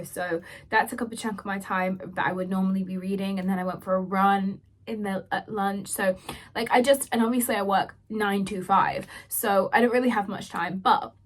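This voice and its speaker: A young woman in her twenties, chatting casually as a book vlogger, rambling with lots of fillers and sounding a little hoarse. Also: medium pitch, a bit bright. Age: 20s. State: slightly hoarse, losing her voice. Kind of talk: casual vlog chat.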